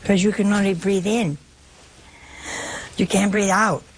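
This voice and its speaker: Slow-talking husky woman preaching. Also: mid-range voice, fairly even intonation. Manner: emphatic storytelling with rhetorical questions, dropping to whispers. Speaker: religious speaker. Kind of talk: devotional sermon to an audience.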